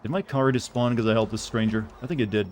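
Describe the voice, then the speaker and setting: A man's voice: mid-range voice, fast, darkish tone, a little hiss or hum. A man streaming a game, chatting casually and answering viewers' questions in a rambling, joking way. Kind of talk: casual gameplay commentary.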